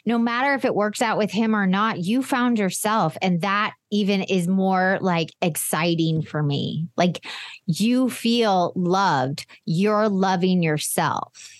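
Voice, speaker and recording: A woman's voice: medium pitch, slow pace, dry recording, studio quality. A woman hosting a podcast, gushing and effusive as she encourages her guest. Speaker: podcast host. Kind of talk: supportive interview chat.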